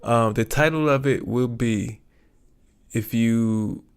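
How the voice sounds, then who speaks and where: A man hosting his livestream in a relaxed, rambling way, often pausing to search for words. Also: mid-range voice, clear, resonant tone. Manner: rambling, chatty, searches for words with many ums. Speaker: YouTube livestream host. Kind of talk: casual livestream chat.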